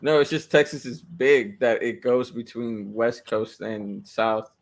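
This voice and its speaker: A man's voice: medium pitch, unhurried. A man from Illinois hosting a casual podcast chat, loose and joking, with some swearing. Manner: relaxed, swearing, laughing banter. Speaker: podcast host.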